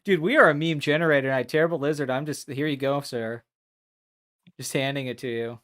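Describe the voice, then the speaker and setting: A man hosting a casual live stream chat, talking in animated, rambling bursts with restarts and plenty of swearing. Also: mid-range voice, fairly quick. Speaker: podcast host.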